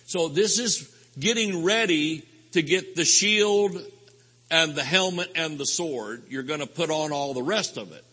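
Man, folksy rambling sermon, bright husky voice, long hall reverb. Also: on the high side, a little slow. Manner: rambling, folksy, with sudden loud outbursts. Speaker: preacher. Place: live convention hall.

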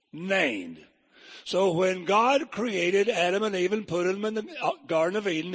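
A man preaching a sermon in a folksy, plain-spoken way, reading scripture slowly and rising to emphatic peaks. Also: sits high, lively intonation, a bit bright, husky. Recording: long reverb of a hall.

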